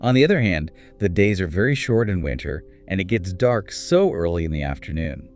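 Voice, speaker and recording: A man with a deep, low voice co-hosts a scripted English speaking lesson. He speaks in a clear, encouraging teacher's manner, with soft music faintly underneath. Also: big pitch swings, brisk. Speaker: co-host of an English speaking course.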